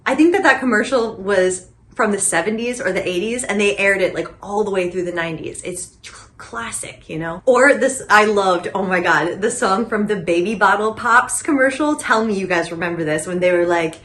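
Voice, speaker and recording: A young woman hosting a nostalgia vlog in a comedic monologue, rambling and animated, full of tangents and filler words. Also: mid-range voice, moderate pace. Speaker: host of a nostalgia channel.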